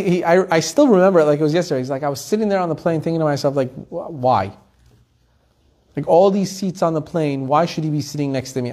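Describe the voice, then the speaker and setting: Male Torah teacher, fairly high voice, lively storyteller who acts out the people in his tales. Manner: animated storytelling, acting out the people in his stories.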